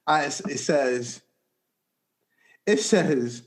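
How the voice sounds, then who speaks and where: A young man hosts a podcast and tells stories in loose slang. His pitch sits a little high and swings all over the place as he acts out each moment. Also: very slow. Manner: animated, slangy storytelling with big pitch jumps. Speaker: podcast host. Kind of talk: casual storytelling.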